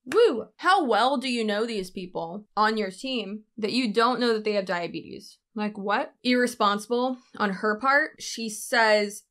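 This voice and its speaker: A woman's voice: medium pitch, a little slow, hardly any pauses, fairly bright tone. A woman giving casual reaction commentary in a blunt, sarcastic way.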